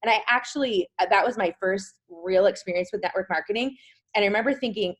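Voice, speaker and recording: A woman's voice: medium pitch, animated, quick pace, breathy edge. Woman, 30s, video-call host, casual and enthusiastic, mid-range voice. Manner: chatty, says "like" often, warm enthusiasm. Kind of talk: casual recap talk.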